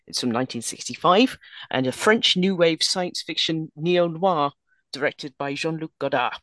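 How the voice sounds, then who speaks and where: A woman co-hosting a casual film podcast, dry and understated as she introduces the film. Her voice sits low for a woman. The sound is close and dry. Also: normal speed, a bit bright, dry recording. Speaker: podcast co-host.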